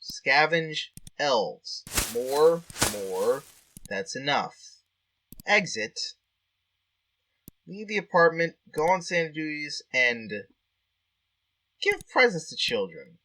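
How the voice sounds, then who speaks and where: A man's voice: on the high side, big pitch swings, takes it slowly, pauses often, sharp tone. A man playing a text adventure and thinking aloud in a chatty, easily amused way as he reads out the game's text. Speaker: game player. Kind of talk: let's-play commentary and reading game text.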